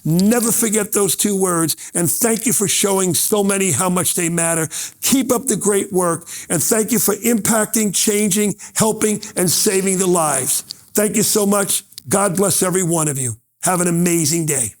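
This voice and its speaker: A man's voice: high voice, normal speed, soft background music. Fervent middle-aged male motivational speaker. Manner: storytelling, acts out quoted voices, emphatic repetition. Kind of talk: motivational keynote talk.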